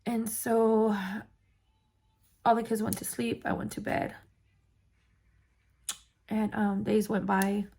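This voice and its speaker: A woman vlogger tells her own story in a gravelly, husky voice. She talks candidly, with plenty of fillers and blunt swearing. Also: mid-range voice, level tone, takes it slowly, pauses often, dark tone. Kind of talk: personal storytelling.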